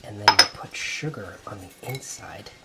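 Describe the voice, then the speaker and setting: A man hosting a cooking video in a home kitchen, gently narrating each step as he works. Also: lowish voice, animated, moderate pace, heavy background noise. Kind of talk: cooking demonstration.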